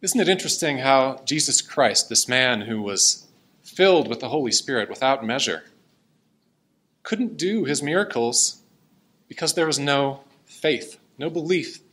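A man's voice: medium pitch, lively intonation, a little slow, fairly bright tone, husky. A man preaching a sermon and reading scripture aloud, in an earnest and emotional way. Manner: earnest, emotional, tearing up at times.

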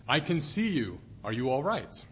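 A man voicing God in a sermon joke, speaking with steady, reassuring authority. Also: medium pitch, moderate pace, slight background noise. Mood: assured. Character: calm, commanding voice of God.

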